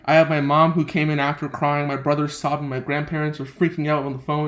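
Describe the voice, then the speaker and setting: A young man hosting a casual podcast chat, telling a story with lots of laughter and lively quoted voices. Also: a little high, fast talker, few pauses, background noise. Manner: laughing often, animated quoting of others. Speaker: podcast host.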